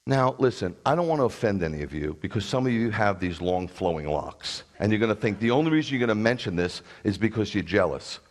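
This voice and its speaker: A man's voice: fairly low pitch, animated, quick pace, hardly any pauses. A man who is a rabbi, preaching a sermon in a blunt, combative way with sarcastic asides.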